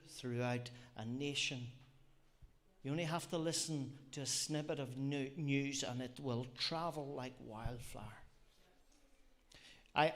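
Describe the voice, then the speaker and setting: A man preaching a sermon, earnest and reflective, often repeating phrases and asking rhetorical questions. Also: mid-range voice. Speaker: lay preacher.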